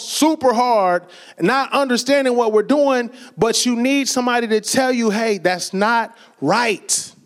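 A man preaching a sermon in a conversational way, telling stories and quoting people with a laugh now and then. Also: extremely high pitch. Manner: conversational storytelling with laughs and acted quotes. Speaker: pastor.

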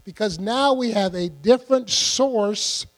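An older man delivers a conversational sermon in a high-pitched voice, often asking his congregation questions. The recording carries a long hall reverb, and a steady electrical hum runs underneath it. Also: measured pace. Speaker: preacher.

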